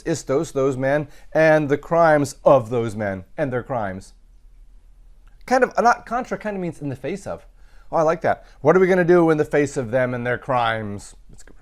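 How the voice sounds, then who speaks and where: Guy teaching latin, slightly high voice, really slow and careful, lots of uh's. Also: very animated. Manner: methodical, parsing aloud with frequent fillers. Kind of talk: recorded grammar lesson.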